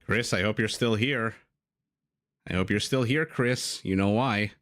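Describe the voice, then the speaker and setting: A man's voice: on the low side, unhurried, fairly bright tone. A man casting a live strategy game match, chatty and prone to rambling tangents with frequent laughs. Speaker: game caster. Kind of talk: live esports commentary.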